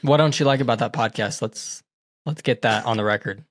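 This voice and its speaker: A man's voice: mid-range voice, a little fast, no room sound, studio quality. A man hosting a horror movie podcast, chatting casually and laughing easily. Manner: laughs easily, wraps up with listener plugs. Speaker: podcast host. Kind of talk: casual chat.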